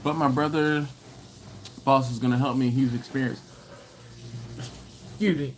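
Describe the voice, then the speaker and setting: A laid-back man hosts a barbecue live stream in an easygoing, slangy way, greeting viewers with "what up" and chuckling between their comments. His voice sits at an ordinary middle pitch. He has a runny nose and stops now and then to cough. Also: fairly even intonation, unhurried. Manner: laughs often between comments. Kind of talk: casual live-stream chat, reading viewer comments aloud.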